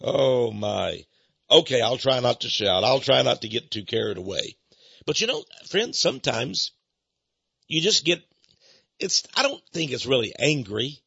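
A Texan man hosts a religious radio program, his booming voice swelling into fired-up rants. His tone is bright and forceful but husky, with a gravelly edge. The broadcast sounds dry and dull, like lo-fi radio. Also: very animated, measured pace, no echo. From Texas. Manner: booming, gets carried away into impassioned rants. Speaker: radio host. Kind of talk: religious radio talk and preaching.

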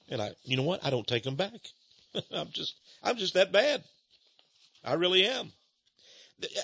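A male preacher with a high, husky voice that swoops up and down as he presses his listeners with pointed questions. His tone is bright and edgy, and his impassioned delivery carries through a dull, lo-fi recording that sounds dry and close. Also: no echo. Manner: animated, rhetorical, addresses listeners directly. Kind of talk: impassioned sermon.

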